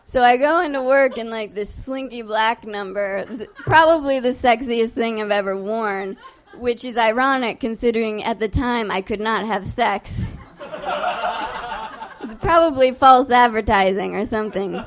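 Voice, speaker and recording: A woman's voice: on the high side, moderate pace. A young adult woman telling a personal story live on stage, in a casual, profane, self-mocking way. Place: on stage before a live audience.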